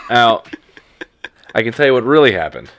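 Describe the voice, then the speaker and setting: A man co-hosting a comedy podcast, laid-back and deadpan as he reads out headlines. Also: medium pitch, normal speed, no room sound, studio quality. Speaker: podcast co-host. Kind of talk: casual comedic podcast chat.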